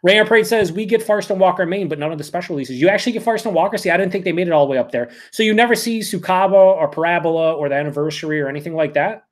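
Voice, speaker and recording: A man doing a live beer review, talking excitably and swearing a lot as he reacts to each sip. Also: high voice, racing, few pauses. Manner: excitable, profane, emphatic.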